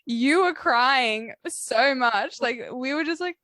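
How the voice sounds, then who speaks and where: A woman hosting a podcast, chatting casually and telling stories in an animated way. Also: high voice, slow pace, no echo, studio quality. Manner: warm, animated storyteller, laughs easily. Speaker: podcast host. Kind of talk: casual conversational interview.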